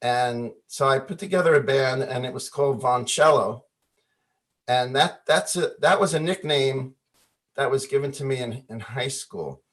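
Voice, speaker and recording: A man telling stories as a guest on a video call interview, animated, often acting out the voices in his anecdotes and laughing. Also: mid-range voice, moderate pace. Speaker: guest musician.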